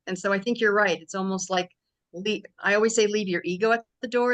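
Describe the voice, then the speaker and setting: A woman's voice: medium pitch, bright, forceful tone, low-quality recording. A woman in a class, reflectively sharing a personal experience. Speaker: class participant.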